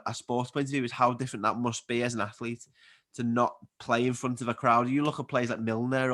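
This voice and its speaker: A young man with a broad Scouse accent tells stories in a casual podcast chat. He speaks at a fast clip with lively, animated energy. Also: mid-range voice. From Liverpool, England. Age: 20s. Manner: animated storyteller, quick and chatty. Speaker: guest athlete.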